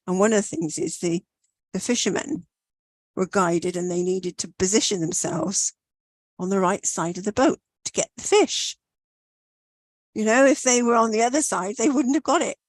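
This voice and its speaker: A woman giving a motivational talk in a steady way, asking reflective questions. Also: medium pitch, moderate pace, no echo. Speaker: talk show co-host.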